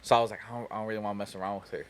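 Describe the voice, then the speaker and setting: Racing through his words in a lowish voice with a level tone, a young man spins a long, profane, rambling story on a podcast. It's casual storytelling chat studded with "you know" and "like."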